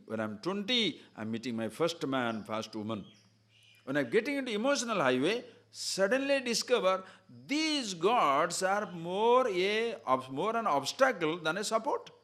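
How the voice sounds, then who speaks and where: A male spiritual teacher lectures on scripture in an earnest way, laying out points as lists and repeatedly urging listeners to pay close attention. His voice is medium-pitched and slightly bright.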